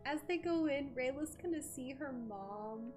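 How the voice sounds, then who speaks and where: Slow, high-voiced giggly woman player. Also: animated, over music. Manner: giggly, hesitant, many fillers. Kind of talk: playing a tabletop game in character.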